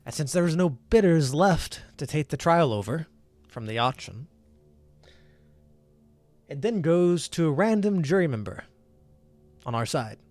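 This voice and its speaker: A man voicing a weary male prisoner who gives measured, grim warnings. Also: on the high side, animated, darkish tone, no room sound, soft background music. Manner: measured, warning, matter-of-fact.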